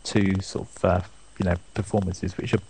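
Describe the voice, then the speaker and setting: A man's voice: low-pitched, little pitch movement, normal speed, vocal fry, darkish tone, a little hiss or hum. A man co-hosting a radio show, speaking hesitantly with many fillers and making dry remarks over a call link. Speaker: radio co-host. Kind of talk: casual on-air banter. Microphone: call link from another location.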